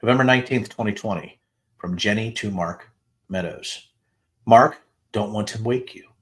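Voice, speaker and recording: A middle-aged man hosting a podcast, reading a long string of text messages aloud, announcing each date flatly before lifting his voice for the quoted lines. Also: fairly low pitch, normal speed. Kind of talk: dramatic reading of texts with asides.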